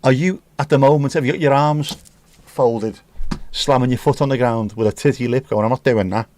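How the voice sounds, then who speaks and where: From a room at home, a man hosts a casual livestream in a steady, darkish, mid-range voice at a moderate pace, with slight background noise. He reads viewers' messages and chats cheekily with them.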